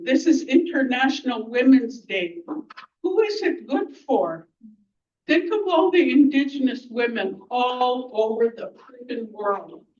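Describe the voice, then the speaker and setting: A woman giving a blunt, angry, outspoken speech at a community event, often pausing to search for words. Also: a little high, far from the mic, muffled recording. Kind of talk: impromptu public speech.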